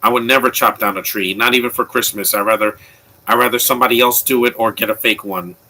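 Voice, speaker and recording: A man's voice: medium pitch, fairly even intonation, fast, bright, forceful tone, rough recording. A man giving casual, opinionated live commentary on a movie, rambling with frequent restarts. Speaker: film commentator.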